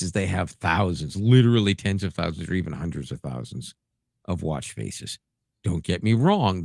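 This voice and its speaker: A man's voice: deep voice, dry recording, clean studio sound. A man hosting a tech podcast in casual chat, rambling and going off on tangents. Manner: rambling, digressive. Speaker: podcast host.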